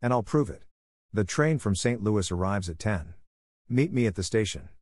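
A man's voice: fairly low pitch, animated, normal speed, a little mellow, no room sound, clean studio sound. A man voicing a proud, indignant American businessman from the 1890s, speaking sternly and defensively. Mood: defiant. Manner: stern and defensive, raising his voice.

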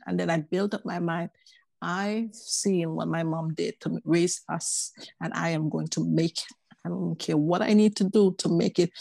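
Low, gravelly woman telling her story. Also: no room sound. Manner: animated, acts out quoted voices. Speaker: podcast guest. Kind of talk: casual personal storytelling.

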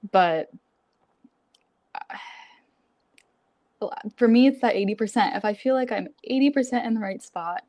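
A woman's voice: fairly high pitch, normal speed, long pauses, dark tone, dry recording. A woman in her twenties, a graduate student guest in a podcast interview, upbeat and laughing often, with many likes. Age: 20s. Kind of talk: casual interview chat.

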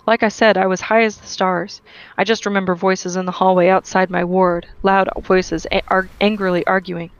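A reader giving a steady, earnest first-person reading of a novel. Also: mid-range voice, fairly quick, no echo, highs cut off. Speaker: audiobook reader.

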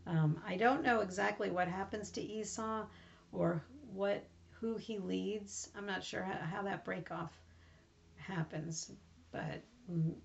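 A woman's voice: mid-range voice, slow, creaky. A woman hosting a podcast, recapping a Bible reading in a chatty, rambling, informal way. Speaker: podcast host. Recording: slightly muffled recording.

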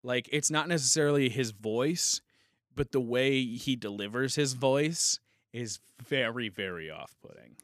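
A man's voice: mid-range voice, measured pace, fairly bright tone, dry recording, studio quality. A man co-hosting a casual podcast chat, telling rambling stories with crude humor and constant restarts. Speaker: podcast co-host.

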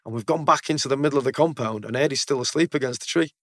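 A man's voice: medium pitch, rapid-fire, a bit bright, no echo, clean studio sound. A man, a military veteran, telling stories casually in a conversation, blunt and swearing freely. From United Kingdom. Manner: blunt, swears freely, repeats words as he goes.

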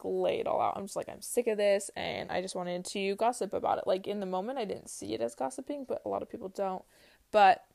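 Earnest young woman with a creaky voice. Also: mid-range voice, darkish tone. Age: early 20s. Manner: earnest, uses many "like" fillers. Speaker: vlogger. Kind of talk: casual faith-based personal talk.

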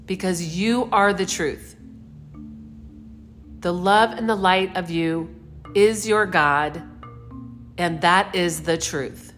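A middle-aged woman giving a reflective spiritual talk, meandering and unhurried, gently putting questions to the listener. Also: lowish voice, faint music behind. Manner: meandering, unhurried, searching for words. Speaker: spiritual speaker.

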